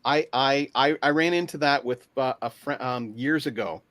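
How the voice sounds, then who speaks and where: Halting man on a dry video call. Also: mid-range voice, a bit bright, no room sound. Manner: halting, many fillers and restarts. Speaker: guest. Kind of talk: casual chat.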